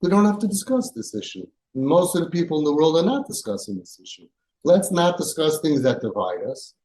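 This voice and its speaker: A man's voice: a little high, very animated, fairly quick, darkish tone. A man giving parents advice in an emphatic way, firing off rhetorical questions and repeating his points. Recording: echoey room.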